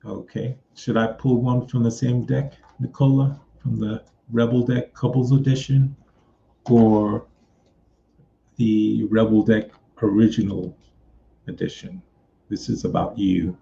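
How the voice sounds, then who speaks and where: A man reading cards for viewers in a casual live stream, talking slowly with many pauses. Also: fairly low pitch, fairly even intonation, creaky, mellow. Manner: slow, drawn-out delivery with frequent pauses. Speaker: psychic medium doing card readings. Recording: dull lo-fi sound with faint noise.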